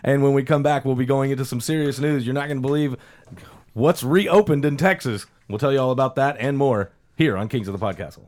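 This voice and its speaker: A man hosting a podcast in a showman announcer manner, with lots of ladies-and-gentlemen intros. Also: mid-range voice, a little fast, slight background noise. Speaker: podcast host.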